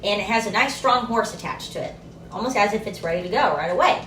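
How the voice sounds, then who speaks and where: A woman's voice: mid-range voice, quick pace, a bit bright, echoey room, recorded from a distance, a little hiss or hum, low-quality recording. A woman narrating as dungeon master, describing scenes and voicing the townsfolk. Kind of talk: narrating a tabletop game.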